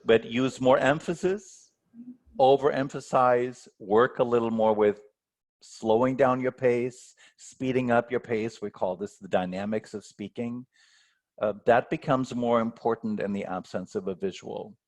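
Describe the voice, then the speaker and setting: A man's voice: medium pitch, fairly even intonation, unhurried, a little mellow. A man speaking as a guest coach on a video call, answering questions thoughtfully and often repeating words as he starts a sentence. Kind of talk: online workshop Q&A.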